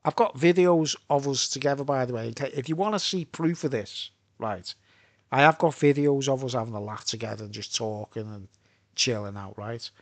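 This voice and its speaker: A man's voice: medium pitch, normal speed, no room sound. A man from Birkenhead with a Merseyside accent, rambling through a live monologue full of asides and "right?" tag questions. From Birkenhead, England. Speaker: vlogger.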